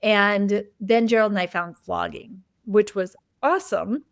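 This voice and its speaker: At a medium pitch and an unhurried pace, a woman with vocal fry hosts a conversation, telling a candid personal story in a loose, open way. She leans on "like" and "you know" a lot. The studio-quality recording has no room sound.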